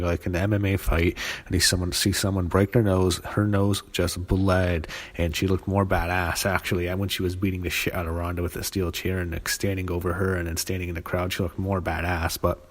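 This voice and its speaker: An angry man with a low-pitched voice rants through a casual wrestling review, swearing hard and stumbling over fillers and restarts. His voice trails off into a long reverb, as if he is in a large, echoing hall. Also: little pitch movement. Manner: angry profane ranting; halting, full of fillers and restarts.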